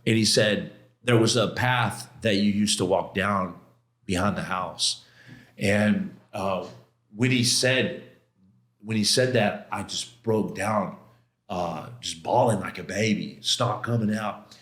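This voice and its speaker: A man's voice: lowish voice, slow pace, a bit bright. A middle-aged man telling a personal story as a podcast guest, with intense, emotional retelling, casual slang, and many quoted exchanges and restarts. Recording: roomy echo.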